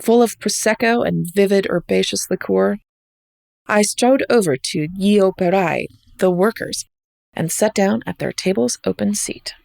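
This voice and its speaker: Reading her own travel essay on her podcast, an American woman sounds wry and reflective. Her medium-pitched voice is creaky and a little mellow, her pace measured, and the recording dry.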